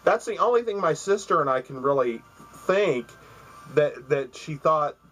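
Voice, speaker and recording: A man's voice: on the high side, expressive, normal speed, a bit bright, soft background music, poor audio. A man recording a casual home video, rambling through stories about gifts with many fillers and restarts. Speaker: vlogger showing gifts. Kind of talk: casual chat. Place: at home by his computer.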